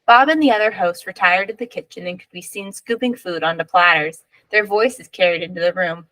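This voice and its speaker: A woman reading a picture book aloud with expressive storytelling. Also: fairly low pitch, fairly quick, hardly any pauses, no room sound, low-quality recording. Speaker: reader.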